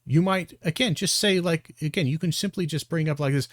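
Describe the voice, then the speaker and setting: A man's voice: fairly high pitch, brisk, hardly any pauses, dry recording, studio quality. A man giving blunt, profane reaction commentary, exasperated and full of restarts. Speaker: commentary streamer.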